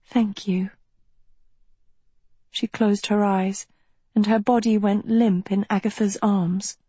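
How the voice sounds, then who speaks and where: A woman narrating a dark fantasy storybook in a measured, dramatic way. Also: medium pitch, flat delivery, slightly rough, no room sound. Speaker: audiobook narrator. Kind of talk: scripted narration.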